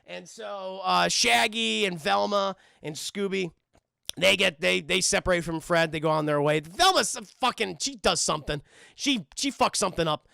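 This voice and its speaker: A man's voice: sits high, moderate pace, vocal fry, clear, resonant tone, dry recording, clean studio sound. A man reviewing a cartoon live for his stream chat, swearing freely and joking as he recaps. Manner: profane, excitable, joking.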